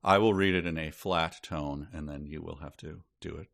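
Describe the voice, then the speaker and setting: A man's voice: a bass voice, steady tone, normal speed, creaky, a bit bright, no echo, studio quality. A man co-hosting a podcast, chatting casually and reading aloud with wry, amused asides. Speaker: podcast co-host.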